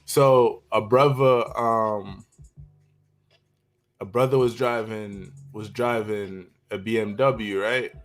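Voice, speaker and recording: A man's voice: on the low side, steady tone, faint music behind. A man in a casual chat who asks a lot of questions and laughs easily. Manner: slow, inquisitive, laughs easily. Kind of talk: casual conversation.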